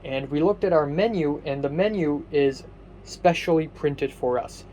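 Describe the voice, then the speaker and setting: A man's voice: on the high side, measured pace, a little mellow, a little hiss or hum, rough recording. A young man narrating his video diary casually, with many fillers and self-corrections. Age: young adult.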